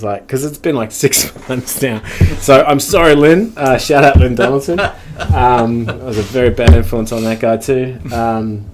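A man appears as a podcast guest in a casual chat, swearing often and laughing through his stories. His mid-range voice moves at a moderate pace over faint background noise.

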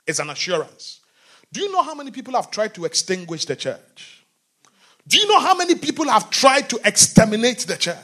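Man, preacher, sermon, high voice, bright and forceful, asks questions of the congregation. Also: big pitch swings, a little fast. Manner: swings between shouting and quiet talk.

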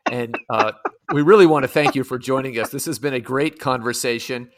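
He hosts a podcast and keeps the chat moving at a brisk clip. His manner is friendly and easygoing, and his pitch sits in the middle range. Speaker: podcast host. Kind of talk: casual chat.

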